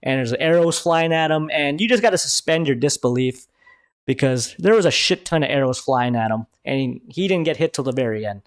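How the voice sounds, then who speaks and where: A man hosting a live review stream, talking excitedly in casual commentary and swearing freely. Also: medium pitch, a little fast, dry recording, clean studio sound.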